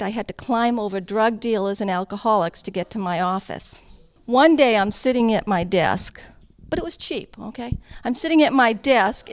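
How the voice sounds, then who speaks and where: A middle-aged woman telling her testimony to an audience, an animated storyteller with self-deprecating humor. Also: mid-range voice. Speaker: founder of a Catholic radio ministry, giving testimony. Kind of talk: personal testimony talk to an audience.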